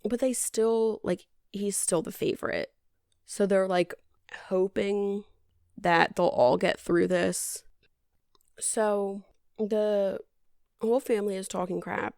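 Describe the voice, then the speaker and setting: Woman, podcast host, dry sarcastic recap, gravelly fry, dry close sound. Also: medium pitch, steady tone, takes it slowly, pauses often, darkish tone, dry recording. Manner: dry, sarcastic, rambling with many likes. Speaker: podcast host, movie reviewer. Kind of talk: casual movie recap.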